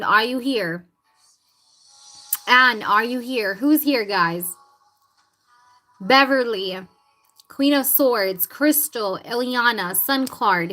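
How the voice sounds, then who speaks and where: A woman hosting a casual live tarot reading, chatting with viewers and often clearing her throat. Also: fairly high pitch, fairly bright tone, poor audio.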